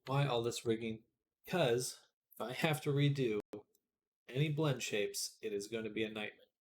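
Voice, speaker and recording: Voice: mid-range voice, moderate pace. Streamer talking while they work, half muttering to self, half chatting to chat. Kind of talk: live-stream commentary while working.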